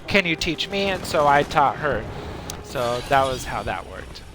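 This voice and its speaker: A man's voice: medium pitch, very animated, measured pace, noisy background. A man live-streaming a game, telling a playful tall tale with sound effects and chatting with viewers. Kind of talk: live-stream storytelling and chat.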